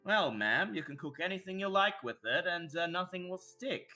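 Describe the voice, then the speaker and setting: A man's voice: high voice, expressive, normal speed, sharp tone, faint music behind, pitched above the performer's own voice, full character voice. A man voicing an easygoing, folksy businessman in a tabletop game, with a casual drawl.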